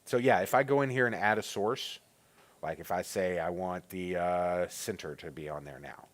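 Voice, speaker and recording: A man presenting a technical training session, walking through settings in a relaxed way with many fillers. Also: low-pitched, moderate pace. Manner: relaxed, filler-heavy explaining. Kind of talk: casual technical walkthrough.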